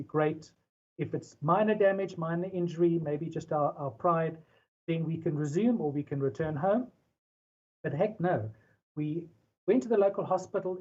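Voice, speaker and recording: A mellow, slightly husky voice gives an informal safety webinar, thinking aloud with plenty of "you know"s. The sound is dull and lo-fi, like online meeting audio. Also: medium pitch. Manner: conversational, frequent "you know" fillers, rising emphatic starts. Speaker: presenter for a dive safety organization. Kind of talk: webinar presentation.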